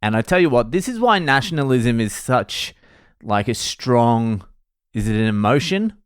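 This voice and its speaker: A man's voice: mid-range voice, big pitch swings, moderate pace, smooth, no room sound, clean studio sound. An Australian man hosting a solo podcast, rambling and self-mocking, with heavy swearing in casual talk. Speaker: podcast host.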